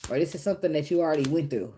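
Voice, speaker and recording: A woman with a lowish voice reads tarot in an off-the-cuff way, talking right at the viewer. She is blunt and swears freely, breaking into laughter often. A faint hiss sits under the recording. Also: racing. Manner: animated, talks straight to the viewer. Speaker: tarot reader. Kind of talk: casual tarot reading monologue.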